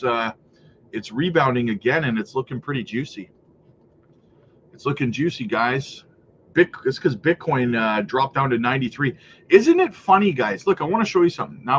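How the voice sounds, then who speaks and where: A man's voice: mid-range voice, a bit bright, muffled recording, slight background noise. A man hosting a casual livestream, chatty and upbeat, reading chat and often tagging his lines with "right?" and "guys". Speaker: crypto livestream host. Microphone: streaming setup mic.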